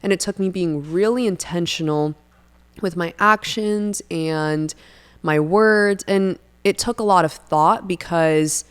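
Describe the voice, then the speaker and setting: Animated young woman telling faith stories. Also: fairly low pitch, takes it slowly, clean tone. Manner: animated storyteller who acts out friends' lines. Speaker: podcast co-host. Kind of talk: casual faith chat.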